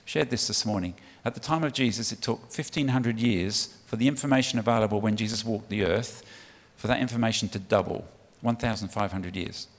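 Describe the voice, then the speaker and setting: A man preaching to his church, his voice low and gravelly. He talks in a punchy, conversational way and coaxes the congregation to call back to him. His words ring out with the long reverb of a big hall. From United Kingdom. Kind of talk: sermon.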